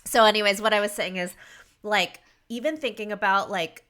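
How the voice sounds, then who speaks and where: Woman guest, thirties, clear bright voice, emotional, laughs often. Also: mid-range voice, normal speed. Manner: emotional, laughing between sentences. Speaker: podcast guest. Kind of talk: casual conversation.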